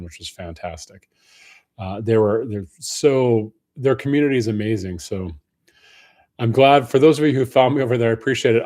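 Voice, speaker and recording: A man's voice: medium pitch, a little mellow. A man hosting a casual live stream Q&A, greeting viewers by name in a friendly way. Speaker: livestream host.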